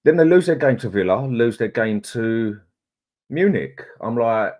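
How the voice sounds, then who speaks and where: A man's voice: medium pitch, big pitch swings, unhurried, darkish tone. A middle-aged man, hosting a casual live chat, greeting viewers in a chatty, laid-back way. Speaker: livestream host.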